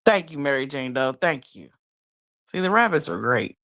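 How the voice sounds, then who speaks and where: A woman's voice: low-pitched, big pitch swings, normal speed, fairly bright tone. A woman, hosting a late-night livestream chat in a sassy, blunt and playful way. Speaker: livestream host.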